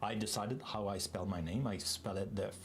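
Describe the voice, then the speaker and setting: A native French speaker with a French Canadian accent hosts a live coding stream, chatting casually and wandering off into asides. His voice sits on the low side and moves fairly quickly, with a slight hiss or hum in the recording.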